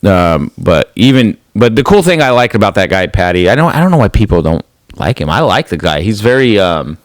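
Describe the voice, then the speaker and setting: Low-voiced laid-back guy chatting. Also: very animated, a little fast, no room sound. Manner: laid-back, rambling, lots of "like" and "dude". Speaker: podcast co-host. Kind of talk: casual chat.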